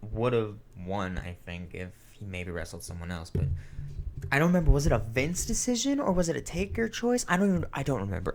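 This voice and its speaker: A man's voice: fairly low pitch, a little hiss or hum. A man in his twenties chatting casually through a wrestling review, rambling with lots of fillers, swearing now and then and getting emotional. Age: 20s. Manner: emotional, sentimental.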